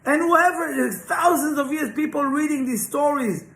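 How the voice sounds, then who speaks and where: A Kabbalah teacher's very high, gravelly voice comes across a bit bright at a normal speed. In an informal spiritual class held in a roomy, echoey classroom both live and online, he speaks emphatically and often asks "right?" along with rhetorical questions.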